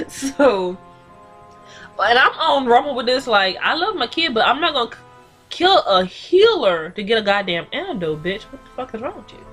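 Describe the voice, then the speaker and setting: A woman's voice: medium pitch, a bit bright. Sassy, profane woman recapping a TV episode. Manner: blunt, profane, sassy commentary. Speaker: TV recap reviewer. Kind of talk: casual episode recap and rant.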